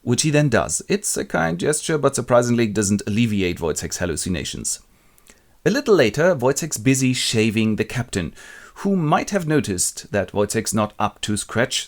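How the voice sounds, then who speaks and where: A man's voice: mid-range voice, sing-song, moderate pace. A man retelling a classic play in a wry, colloquial, comic way. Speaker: literature presenter.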